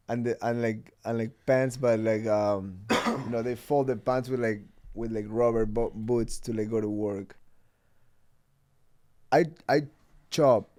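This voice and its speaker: A man hosts a podcast in a mid-pitched voice. He tells stories in a loose, rambling way, stacking up fillers and restarts. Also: dark tone, a little hiss or hum. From Ecuador. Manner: rambling storytelling with many fillers, laughs often. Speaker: podcast host. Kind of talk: casual chat.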